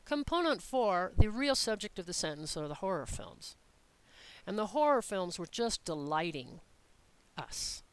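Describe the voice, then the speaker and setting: A Spanish teacher explaining grammar step by step in a recorded lesson, patient and methodical, reading example sentences slowly and clearly. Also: mid-range voice, sing-song, a bit bright, low-quality recording.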